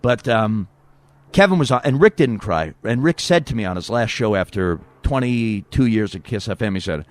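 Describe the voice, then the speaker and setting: A man hosting a casual comedy podcast, joking and rambling between quick impressions. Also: on the low side, animated. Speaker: podcast host.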